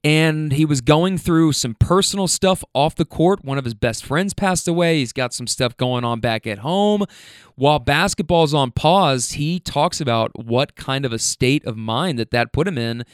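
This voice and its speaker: A man's voice: mid-range voice, clear, resonant tone, no room sound, studio quality. A man hosting his own podcast, introducing the episode in a casual, enthusiastic and slangy way, rambling with restarts. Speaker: podcast host.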